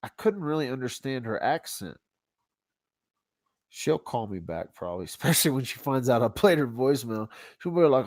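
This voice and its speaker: A man hosts a livestream in a loose, easygoing way, dropping casual slang and thinking out loud. His voice sits at an ordinary pitch. The sound is dry and close. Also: expressive, normal speed, no echo. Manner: rambling, laid-back, talks to himself while browsing; casual slang, says y'all. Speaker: YouTube channel host.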